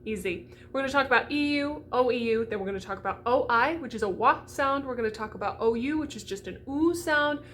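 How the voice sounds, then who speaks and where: A woman voice coach teaching French diction for singers, bubbly and animated, sounding out vowels as she goes. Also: a little high, fairly quick, few pauses, slight background noise. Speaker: classical voice coach.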